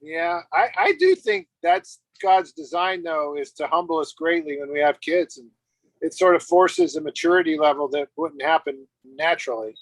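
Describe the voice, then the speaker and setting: Older man, higher voice, dry sound. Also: normal speed, dry recording, rough recording. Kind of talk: casual chat.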